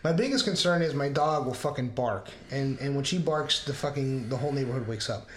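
A man's voice: medium pitch, brisk. A man hosting a podcast, telling a rambling, profane story in casual chat and acting out the dialogue, recorded in a room of a house. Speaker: podcast host. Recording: roomy echoing room.

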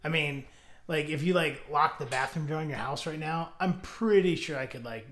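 A man's voice: fairly high pitch, moderate pace, fairly bright tone, echoey room. A man in casual chat, making wry, teasing remarks.

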